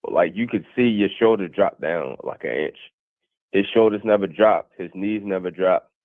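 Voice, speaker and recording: A blunt, swearing man calls in to argue about boxing. His voice sits low and comes through a thin, phone-like line with no room sound. He keeps talking over the hosts. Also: moderate pace, no echo. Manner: blunt, profane, talks over others. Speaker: caller on a boxing show. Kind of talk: casual boxing debate. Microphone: phone call. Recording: dry tinny phone line.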